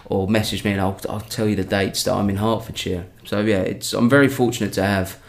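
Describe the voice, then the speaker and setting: A man's voice: on the low side, fairly even intonation, brisk. A young man, a stand-up comedian, chatting casually on a podcast and rambling through many restarts.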